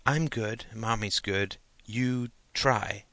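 A man's voice: lowish voice, gravelly, bright, forceful tone, no room sound, full character voice. A man voicing a curious, earnest six-year-old boy who stumbles over his questions in an audiobook. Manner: eager, halting, full of questions.

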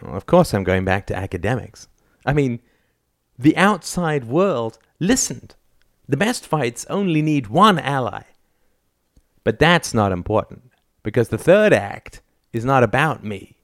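A man's voice: medium pitch, very animated, a little slow, fairly bright tone, no echo, studio quality, voice pushed up. A man voicing an earnest, serious young scholar in an audiobook. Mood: grave. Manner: earnest, grave.

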